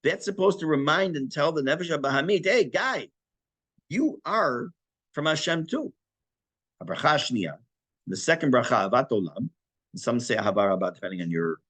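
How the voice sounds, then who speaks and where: A man, a rabbi, giving a Torah class, explaining Hebrew terms in English with animated, self-correcting delivery. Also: medium pitch, dry recording.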